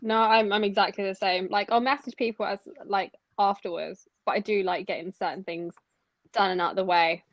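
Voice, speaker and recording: A woman's voice: medium pitch, no room sound. Chatty young woman, dull dry sound. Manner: chatty, animated, with halting restarts. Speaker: podcast co-host. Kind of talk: casual chat.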